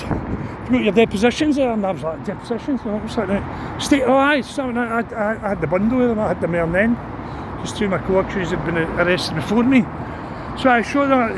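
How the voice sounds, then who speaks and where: A middle-aged Scottish man telling rambling, sweary stories from his past as he walks through town, recorded on his phone. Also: high-pitched. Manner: rambling, sweary, chatty storytelling. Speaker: vlogger. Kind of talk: walk-and-talk storytelling. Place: outdoors on a town street. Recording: loud street traffic behind.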